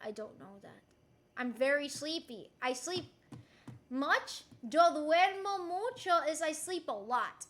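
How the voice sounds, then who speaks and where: A young woman, a native Spanish speaker, streaming casually and giving a playful mock Spanish lesson, giggling and repeating words slowly like a teacher. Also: high-pitched, lively intonation, a bit bright.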